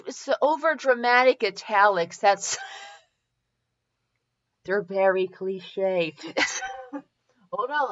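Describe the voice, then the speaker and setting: A woman reading fanfiction aloud and then reviewing it in a rambling, giggly, animated way, in a slightly muffled home recording. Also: high-pitched.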